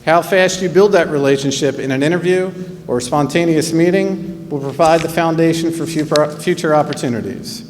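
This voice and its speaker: A man in his fifties from New Jersey, whose accent colours an earnest, measured commencement address full of deliberate pauses. His voice sits slightly high for a man. He speaks over a podium microphone in a large hall with a long reverb tail and a faint hum behind him. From New Jersey, USA. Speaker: school principal giving graduation speech. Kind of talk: commencement speech. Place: large auditorium or arena.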